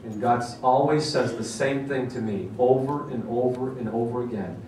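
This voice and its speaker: A middle-aged man giving a seminar talk, telling a story in an animated, self-mocking way. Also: medium pitch, normal speed, slight background noise. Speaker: parenting seminar speaker. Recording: echoey hall from far off.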